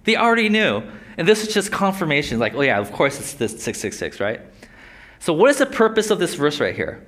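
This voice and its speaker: With a fairly high, fairly bright voice, a young adult man delivers a conversational Bible lesson. His sermon style is casual, and he regularly turns to his listeners with questions.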